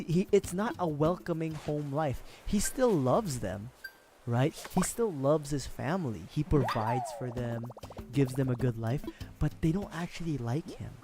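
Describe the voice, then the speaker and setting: Man, streamer, casual chat, rambling, self-mocking, swears, animated pitch, faint music behind. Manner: rambling, joking, swears freely, laughs at himself. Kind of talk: casual gaming livestream chat.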